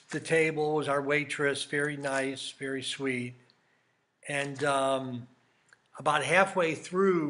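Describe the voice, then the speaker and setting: Chatty man with a bright voice. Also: on the high side. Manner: chatty, rambling anecdotes with quoted dialogue. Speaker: crypto YouTuber. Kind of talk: casual storytelling vlog.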